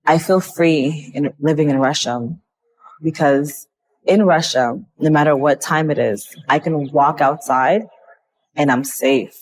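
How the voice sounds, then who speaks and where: A woman's voice: deep voice, unhurried. A woman who teaches English, telling an emotional personal story in an interview. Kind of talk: personal testimony.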